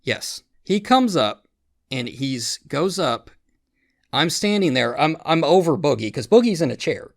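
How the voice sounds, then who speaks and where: A man's voice: a little high, very animated, measured pace, creaky, dry recording, clean studio sound. A man hosting a podcast, telling a rambling, profane story with lots of restarts and quoted voices. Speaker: podcast host. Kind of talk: casual storytelling chat.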